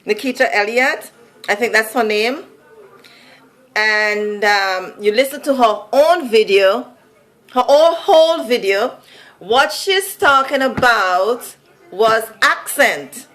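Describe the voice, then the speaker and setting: A woman's voice: a little high, expressive, takes it slowly, a bit bright, low-quality recording. A woman from Saint Vincent with a Vincentian accent, chatting casually to camera in a sing-song, musical way and laughing often. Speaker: vlogger. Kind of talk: casual monologue.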